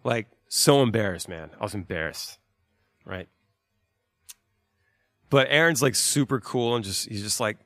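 A man's voice: on the low side, brisk, a bit bright, no echo, clean studio sound. A man in his thirties, a touring musician, giving laid-back, profane, rambling advice in casual talk.

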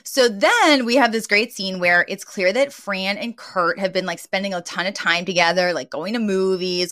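A woman's voice: fairly low pitch, dry recording, studio quality. A woman co-hosting a podcast, recapping a sitcom episode in casual, chatty talk full of fillers. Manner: chatty, many fillers, lively retelling. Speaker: podcast co-host.

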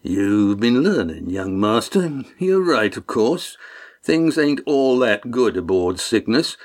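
A man voicing a shifty male sailor with a rough, drawling way of talking. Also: medium pitch, very animated, takes it slowly. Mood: sly.

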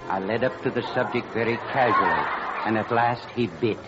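An actor playing a smooth-talking, scheming male Broadway promoter who narrates, in 1940s radio style. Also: lowish voice, moderate pace, over loud music, over a noisy crowd, lightly acted. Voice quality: glib, persuasive. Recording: dull old radio broadcast.

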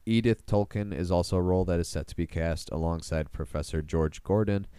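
A man's voice: low-pitched, fairly even intonation, fairly quick, warm tone, smooth, dry recording. A man co-hosting a podcast, chatting casually, laughing often and rambling enthusiastically. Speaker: podcast co-host.

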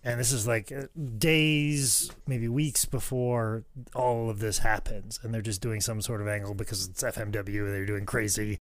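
A man's voice: on the low side, fairly even intonation, moderate pace, hardly any pauses. A man co-hosting a podcast in casual chat, talking in a reflective, earnest way with a lot of "like". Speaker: podcast co-host.

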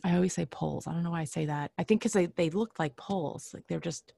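A woman telling a personal story casually, halting often with fillers and restarts and clearing her throat now and then. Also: fairly low pitch, dark tone, no echo, clean studio sound.

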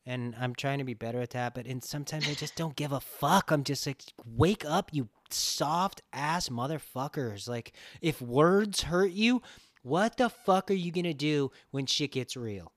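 A man's voice: on the high side, normal speed, dry recording, studio quality. Blunt, profane podcast host man. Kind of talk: casual podcast chat.

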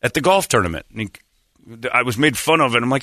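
A man's voice: mid-range voice, brisk, dry recording, studio quality. A man hosting a radio show, telling rambling stories in casual banter and acting out what people said. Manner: rambling, animated, acts out quotes.

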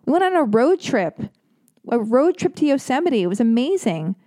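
A woman's voice: high-pitched, very animated, normal speed, warm tone, no room sound, studio quality. A woman hosting a podcast, talking casually in a rambling, self-deprecating way with lots of fillers and joking asides. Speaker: podcast host. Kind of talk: casual personal monologue.

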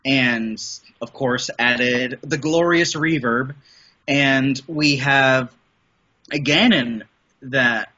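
A middle-aged man from the Midwest with a bright but husky voice. He rambles enthusiastically through a casual interview, often restarting his sentences. The podcast audio sounds dull and lo-fi. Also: medium pitch, very slow. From American Midwest. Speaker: podcast guest, voice and audio producer.

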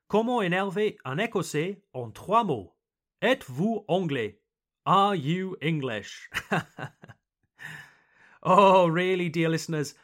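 A British man hosting an English lesson podcast, reading a scripted explanation slowly and carefully and adding French translations. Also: fairly high pitch, fairly bright tone. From United Kingdom. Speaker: podcast host teaching English. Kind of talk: scripted educational narration for learners.

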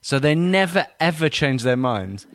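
A man's voice: a little high, very animated, unhurried, no echo. Podcast host guy, jokey, laughs a lot, puts on little voices, dry close mic. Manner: jokey, laughs often, acts out quoted voices. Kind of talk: casual chat.

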